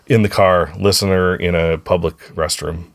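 A man's voice: low voice, fairly even intonation, normal speed. A man co-hosting a podcast in casual chat, rambling and correcting himself as he goes in a friendly way. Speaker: podcast co-host.

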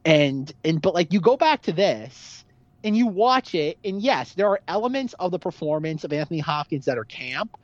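A man co-hosting a laid-back movie podcast, his voice set a little high and heard in a dry, somewhat dull recording. He rambles, piles up fillers and restarts, and talks himself into animated points. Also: moderate pace, no echo. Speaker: podcast co-host. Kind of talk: casual movie discussion.

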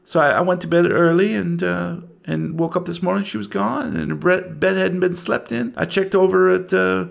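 Guy doing a panicky mom who stammers and begs, gravelly voice. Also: high-pitched, pitched above the performer's own voice. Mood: worried. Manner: stammering, halting, pleading. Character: anxious middle-aged mother searching for her missing daughter.

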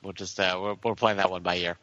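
A man's voice: low voice, little pitch movement, quick pace, bright, forceful tone, dull audio. A man co-hosting a casual podcast, joking dryly. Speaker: podcast co-host. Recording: clear background noise.

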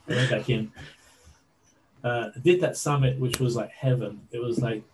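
Man, interview guest, chatty storyteller, average pitch, faint hiss. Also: moderate pace, pauses often, poor audio. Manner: animated storyteller with fillers and laughs. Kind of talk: casual anecdote telling.

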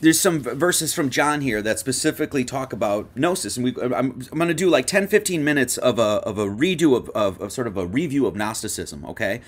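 A man's voice: mid-range voice, animated, fairly quick, few pauses. A man hosting an online Sunday service, talking loose and chatty, with many fillers and restarts. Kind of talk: casual spoken sermon and lecture.

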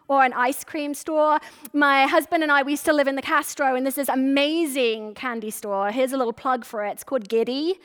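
A woman preaches to her church in a loose, chatty way and slips into quick voiced asides. Her voice sits high. The sound carries a long reverb from the sanctuary. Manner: casual, animated preaching with quoted asides. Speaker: pastor. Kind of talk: sermon.

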